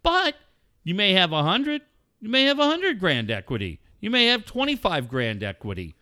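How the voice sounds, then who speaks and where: A man co-hosting a casual talk show, brash and profane, pitching a sponsor with emphatic delivery. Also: wildly swooping pitch, normal speed, sharp tone. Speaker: co-host. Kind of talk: casual radio banter with a read ad.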